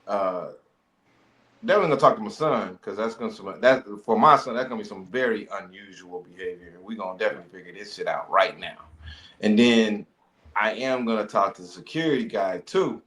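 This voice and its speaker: Low-voiced man in a roomy echo. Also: fairly bright tone. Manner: measured, reasoning things through. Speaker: podcast panelist. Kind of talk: casual podcast chat.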